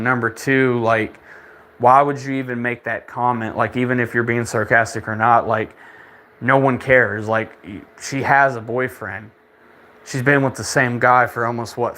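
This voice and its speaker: A man's voice: mid-range voice, pushed and bright. A young man in a casual podcast monologue. He rants with constant swearing and scorn, rambling and stammering as he restarts his sentences. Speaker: podcast host.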